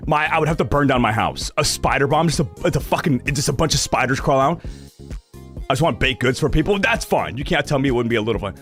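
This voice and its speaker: A man's voice: mid-range voice, lively intonation, fast, fairly bright tone, faint music behind. A young man streaming live, chatting casually with his viewers, ranting animatedly and swearing freely.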